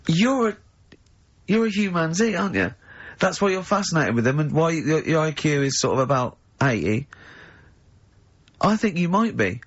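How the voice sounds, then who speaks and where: A man's voice: a little high, big pitch swings, moderate pace, long pauses, breathy edge, highs cut off. A man with an English accent hosting a radio show, teasing his co-hosts and telling stories in casual banter. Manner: teasing, laughs often, acts out other people's voices in stories. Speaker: radio host.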